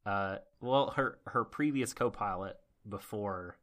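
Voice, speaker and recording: A low-voiced man in casual podcast chat, mulling over an anime episode. He rambles thoughtfully with lots of fillers. His sentences often trail off into quieter asides. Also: slow. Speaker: podcast co-host.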